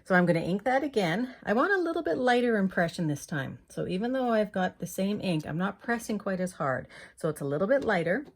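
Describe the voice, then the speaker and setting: A woman's voice: mid-range voice, very animated, brisk, few pauses. A woman from Canada talking through a paper crafting tutorial step by step, explaining each move as she works.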